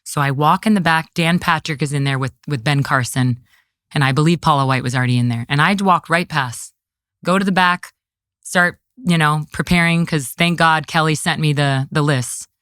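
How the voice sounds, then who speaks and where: A woman with a slightly low voice tells a story in an interview. She is emphatic and casual, with a lot of "like" and "I go". Her voice is dry and close, with no room sound. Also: normal speed, fairly bright tone, no echo. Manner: acts out others' lines in her retelling, emphatic; frequent "like" and "I go" in speech. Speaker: interview guest.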